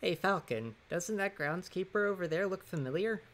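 A man's voice: high-pitched, expressive, moderate pace, fairly bright tone. A man cracking wry jokes while co-playing a game on a stream. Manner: joking, wry quips with laughs. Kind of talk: casual game stream chat.

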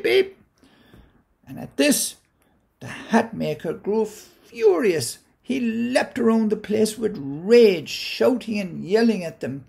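Gravelly Irish storyteller man. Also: on the high side. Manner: gentle, unhurried, acts out the story. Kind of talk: told folk tale with a moral.

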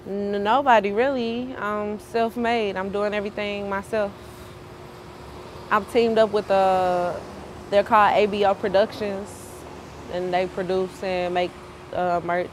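A woman's voice: mid-range voice, steady tone, unhurried, slight background noise. A woman from St. Louis being interviewed on the street, answering briefly and then rapping a freestyle. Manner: casual, brief answers, rhythmic freestyle delivery. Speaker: aspiring rapper.

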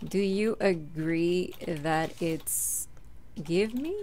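A woman's voice: lowish voice, very slow, a little hiss or hum. Giggly woman chatting over a game. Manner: chatty, giggly, thinking out loud. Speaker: gaming channel host. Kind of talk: casual let's-play chat.

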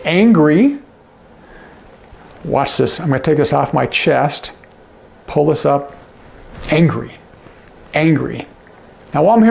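A man's voice: mid-range voice, creaky, a little mellow, slight background noise. A man teaching sign language, patiently naming each word and checking in with the viewer. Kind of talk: instructional demonstration.

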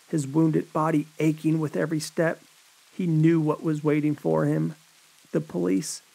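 A man's voice: on the high side, creaky, slightly rough. A man narrating a horror story in a dramatic storytelling manner. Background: rain.

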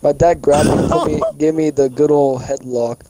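A man's voice: fairly high pitch, fairly even intonation, moderate pace, very noisy. A young man co-hosting a casual podcast, telling a long rambling story full of swearing and fillers. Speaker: podcast co-host. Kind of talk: casual chat.

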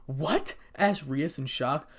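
A man narrating a fan fiction story in an expressive storytelling manner. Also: medium pitch, moderate pace.

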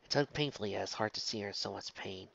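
A man reading a fan fiction story aloud in steady, soft-spoken narration. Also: fairly low pitch, fast talker, creaky, highs cut off. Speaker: story reader.

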